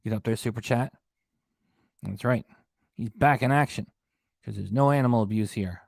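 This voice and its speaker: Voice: mid-range voice, normal speed, vocal fry, darkish tone, no echo. Chatty livestream host with a dry sound. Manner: chatty, thanking viewers by name. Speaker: livestream host reading viewer comments. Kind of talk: casual livestream chat.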